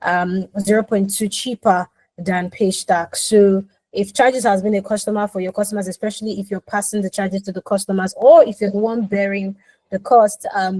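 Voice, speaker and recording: Woman, webinar presenter, mellow voice, dry video-call sound, unhurried with ums. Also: medium pitch, dry recording, poor audio. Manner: explanatory, frequent ums, self-corrections. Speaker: product presenter. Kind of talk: webinar demo explanation.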